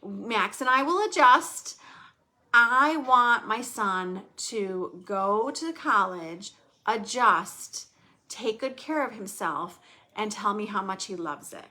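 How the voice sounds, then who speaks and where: A woman's voice: mid-range voice, lively intonation, takes it slowly, sharp tone. A middle-aged woman hosting a podcast, chatting candidly and emotionally, rambling a little. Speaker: podcast host. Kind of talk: casual podcast chat.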